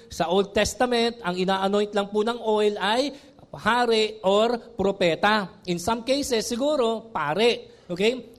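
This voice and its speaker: A male pastor with a Filipino accent preaching a sermon, mixing Tagalog and English, reading scripture slowly and often checking in with the congregation. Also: sits high. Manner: switches between Tagalog and English, asks listeners "okay?" often; reads scripture slowly and deliberately.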